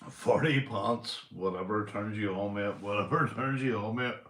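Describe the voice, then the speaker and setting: His pitch fairly low and a touch bright, a man from Northern Ireland speaks at a normal speed while hosting a rambling livestream chat. He's had some beer, so he's boisterous, laughing and swearing a lot, and the room echoes.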